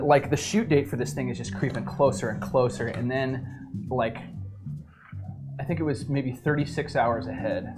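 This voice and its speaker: Man, casual chat, rambling story full of ums, mid pitch, music underneath. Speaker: actor telling a story on a stream. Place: indoors at a painting table.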